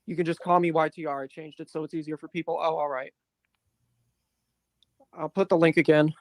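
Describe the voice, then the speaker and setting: A panel host chatting casually on a live stream, hesitant and slowly drawn out at times. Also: medium pitch, steady tone, no echo.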